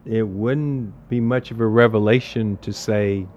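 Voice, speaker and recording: A man's voice: on the low side, fairly even intonation, measured pace, darkish tone, highs cut off, a little hiss or hum. Man giving a repetitive spiritual talk. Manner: conversational and emphatic, repeating phrases and asking rhetorical questions. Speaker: spiritual teacher.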